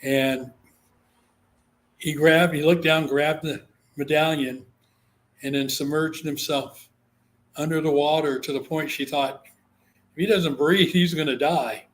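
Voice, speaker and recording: A man's voice: fairly high pitch, steady tone, a little slow, long pauses. A man from Guam, a psychic medium, telling a story in a casual interview, with lots of "you know" fillers and quoted voices. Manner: chatty, full of "you know" fillers, acts out quoted people.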